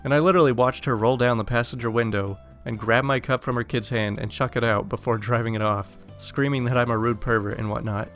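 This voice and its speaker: A man's voice: mid-range voice, steady tone, a little fast, hardly any pauses, a bit bright, soft background music. Young man reading a story aloud. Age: young adult. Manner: casual, exasperated storytelling. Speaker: story narrator.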